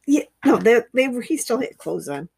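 A woman's voice: fairly high pitch, big pitch swings, moderate pace, creaky, a crowd in the background. A woman co-hosting a podcast in casual chat, with blunt, giggly interjections. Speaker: podcast co-host.

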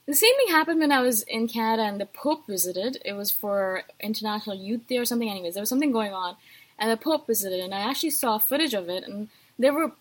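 A woman's voice: on the high side, lively intonation, fast talker, husky. A woman hosting her own podcast, talking casually and animatedly in a chatty, self-deprecating way. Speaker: podcast host. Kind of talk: casual solo talk.

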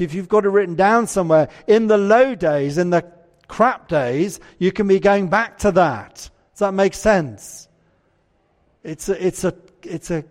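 Male preacher, slightly high voice, chatty sermon delivery, church reverb. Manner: conversational, asks the congregation questions.

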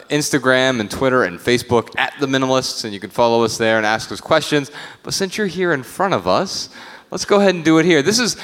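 A man's voice: medium pitch, a bit bright. A man hosting a live podcast taping, introducing segments and reading out a call-in line in an upbeat, announcer-like way. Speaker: podcast co-host.

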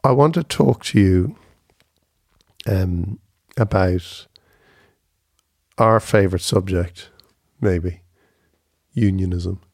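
Host guy, lowish voice, dry close mic, teasing and a bit hesitant. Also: slow pace, long pauses, slightly rough, no room sound. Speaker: podcast host. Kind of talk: casual chat.

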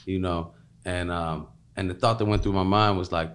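Rambling man, low voice. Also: steady tone, normal speed. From Chicago. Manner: loose, rambling, many fillers and repeats. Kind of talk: casual chat.

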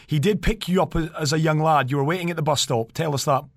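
Podcast cohost guy, brisk, throws questions, bit high voice, dry sound. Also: no echo. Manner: brisk, prompting questions and introductions. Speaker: podcast co-host. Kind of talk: casual podcast chat.

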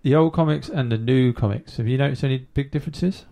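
A man hosting a casual podcast chat with children, asking gentle questions with many ums and uhs. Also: mid-range voice, fast talker, gravelly. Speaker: host.

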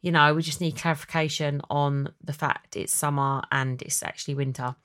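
A woman's voice: fairly even intonation, fairly bright tone. A young woman hosting a podcast, chatty and dramatic in a casual chat. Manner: chatty and dramatic, quick swings in pitch. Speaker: podcast host.

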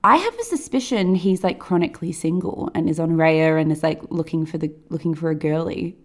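A woman's voice: low-pitched, a little fast. A woman in her late twenties co-hosting a podcast, teasing her friend in a playful, rambling way. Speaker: podcast co-host. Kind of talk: casual chat.

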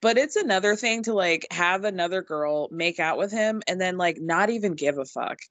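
A woman's voice: on the low side, lively intonation, normal speed, a bit bright, no room sound. A young adult woman co-hosting a podcast, recapping a reality show in casual, chatty talk with lots of ums and freely dropped swear words. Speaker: podcast co-host.

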